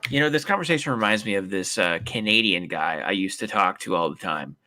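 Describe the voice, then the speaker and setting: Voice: low voice, lively intonation, fairly quick, pushed and bright, a little hiss or hum. A guest on a stream, arguing playfully and teasing the host in casual chat.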